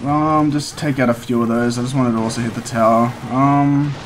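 A man's voice: medium pitch, steady tone, slight background noise. Young man commenting on his own gameplay. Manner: talks to himself while playing, quick swings into frustrated outbursts. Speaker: gaming content creator.

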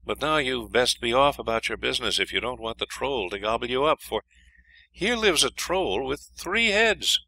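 A man voicing a frightened young princess in a storybook reading, with high pleading outcries. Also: lively intonation, normal speed, creaky, sharp tone, rough recording. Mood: anxious warning.

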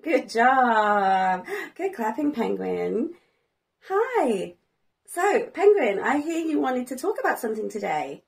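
A woman's voice: on the high side, big pitch swings, slow, creaky. A woman hosting a children's learning video as a preschool teacher, talking in a sing-song way with dramatic gasps and plenty of praise.

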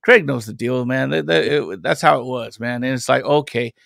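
Man, middle pitch, gravelly, dry close mic; casual podcast guest who rambles through stories. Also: moderate pace, a bit bright, no room sound. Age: adult parent. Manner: rambling storyteller, loose and conversational. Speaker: podcast guest, independent comic creator. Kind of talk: casual chat.

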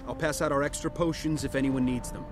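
A man's voice: mid-range voice, fairly even intonation, fast talker, music in the background, natural voice. An actor playing a grateful, earnest male soldier in a fantasy video game. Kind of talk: game dialogue.

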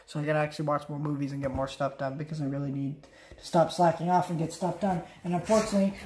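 A tired young adult vlogger talks casually by a couch at home late at night, with a medium-pitched, darkish voice and a faint hiss or hum. The room sounds roomy and echoey as they ramble, poke fun at themselves, and keep restarting sentences.

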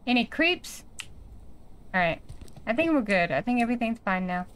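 Young woman gamer, fairly high voice, chatty, jumpy, talks to herself, casual horror game commentary. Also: big pitch swings, moderate pace, a bit bright, slight background noise. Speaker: gaming streamer.

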